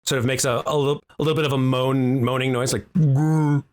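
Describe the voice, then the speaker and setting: A man narrating as dungeon master in a tabletop game, animated and quick to laugh. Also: mid-range voice.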